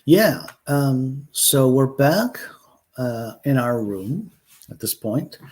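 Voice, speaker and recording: Slow, hesitant male storyteller. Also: mid-range voice, sing-song, darkish tone. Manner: slow, hesitant, many fillers. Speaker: storyteller leading the session. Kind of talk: improvised collaborative storytelling.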